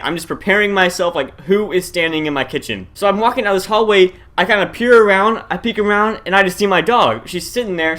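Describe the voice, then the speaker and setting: A young man vlogging, casually telling a tense story to his viewers and calling out to them as guys. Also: sits high. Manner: animated, addresses viewers as guys, shouts at tense moments.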